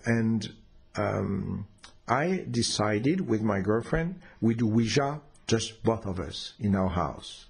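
Husky man. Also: lowish voice, expressive, slow. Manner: hesitant, with restarts and fillers. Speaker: osteopath telling a personal story. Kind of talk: unscripted storytelling.

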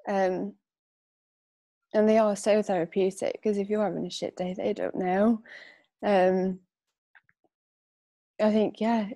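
A young woman chatting as an interview guest, her voice at an ordinary middle pitch. She talks loosely, with lots of fillers and frequent laughs, and she gets emotional. The sound is close and dry. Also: little pitch movement, a little slow, pauses often, mellow, dry recording. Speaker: podcast guest. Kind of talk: casual interview chat.

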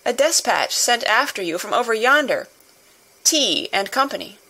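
A woman voicing a hoarse male messenger on horseback who calls out loudly in an audiobook reading. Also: on the high side, lively intonation, moderate pace, pitched above the performer's own voice, exaggerated voice. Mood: calling. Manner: calling out loudly from a distance. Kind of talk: audiobook character voice.

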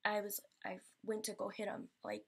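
Husky, gravelly young woman vlogging. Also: mid-range voice, very animated, moderate pace. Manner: rambling, emotional storytelling with many fillers. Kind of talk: personal Q&A vlog.

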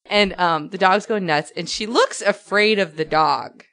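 A woman's voice: on the low side, unhurried. A woman co-hosting a podcast, telling a story in casual chat and laughing often as she goes. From New Mexico. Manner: laughing storyteller, animated retelling. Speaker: podcast co-host.

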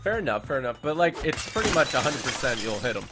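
Animated male host, lively pitch, game music clearly behind, repeats lines when excited. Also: fast. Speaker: gaming channel host. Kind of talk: excited gameplay commentary.

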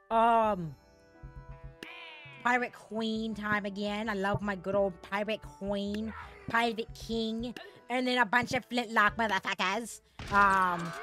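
A woman giving excitable, foul-mouthed commentary on her gameplay, prone to outbursts. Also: mid-range voice. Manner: excitable, swears freely, bursts into shouts and laughter. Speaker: gaming channel host.

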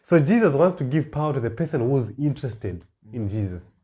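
A man preaching a sermon, reading scripture verses slowly and then explaining them with rising emphasis and repeated words. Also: mid-range voice, very animated, mellow, slightly rough.

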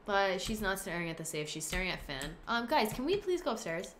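A woman hosting a let's-play video, with excitable, dramatic commentary full of gasps and exclamations. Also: mid-range voice, normal speed, a little hiss or hum. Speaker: gaming host.

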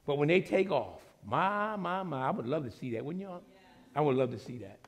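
A man preaching a sermon as pastor, animated, swinging from low asides to shouting. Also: moderate pace.

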